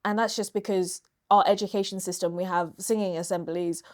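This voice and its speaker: A woman's voice: lowish voice, steady tone, brisk. A young British woman co-hosting a casual chat about film and celebrity news, talking in a chatty, reflective way and stretching some words out. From United Kingdom. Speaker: co-host.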